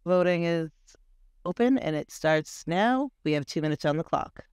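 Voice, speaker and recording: Casual stream host, male, bright high register, crisp tone, playful countdown calls. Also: expressive, moderate pace, dry recording, studio quality. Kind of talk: casual live-stream chat.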